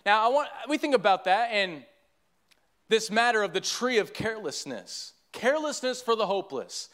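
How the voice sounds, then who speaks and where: A man's voice: high voice, very animated, moderate pace, fairly bright tone. A man, preaching a sermon earnestly and often restarting his sentences. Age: 30s.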